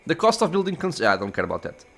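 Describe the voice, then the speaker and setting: A relaxed man talks through his gameplay, chatty and easygoing. His voice sits a bit high and moves around a lot in pitch. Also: racing, creaky, faint music behind. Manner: relaxed, laughs, says dude. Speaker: gaming channel host. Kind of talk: casual gameplay commentary.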